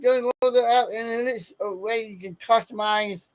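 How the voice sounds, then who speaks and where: Over a low-quality recording, a sports podcast host with a very high voice reads through a list of names at a moderate pace in a steady tone. It's a casual talk show, and he keeps tripping on players' names before correcting himself.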